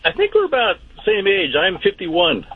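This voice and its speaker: A man's voice: high-pitched, wildly swooping pitch, normal speed, background noise. A man in his seventies calling a radio show, chatting in a friendly, reminiscing way. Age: 70s. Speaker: caller. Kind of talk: phone-in call. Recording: muffled phone line.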